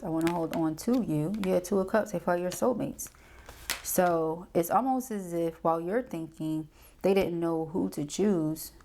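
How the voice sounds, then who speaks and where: A woman's voice: lowish voice, warm tone, a little hiss or hum. A woman doing a casual tarot reading, chatty and slangy, often checking in with "okay?". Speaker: tarot reader.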